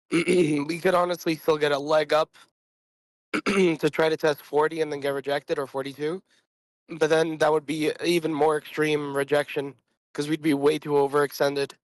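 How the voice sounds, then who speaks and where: A man's voice: fairly high pitch, little pitch movement, normal speed, no echo. Sick man swearing through a dry call. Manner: blunt, swears a lot. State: sick, throat-clearing. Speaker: trader in group call. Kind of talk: casual chat.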